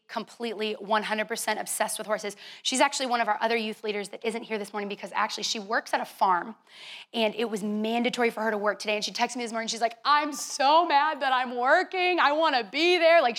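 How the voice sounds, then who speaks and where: A young woman youth leader telling a lively, chatty story to a youth group, playful and teasing. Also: fairly high pitch.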